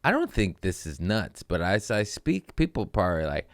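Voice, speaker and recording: A man with a low voice rambles through a comedy podcast, joking and cursing. His pitch jumps all over the place. The sound is dry and close to the mic. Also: wildly swooping pitch, moderate pace, no room sound. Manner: profane, jokey, bursts into silly put-on voices. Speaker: comedian host.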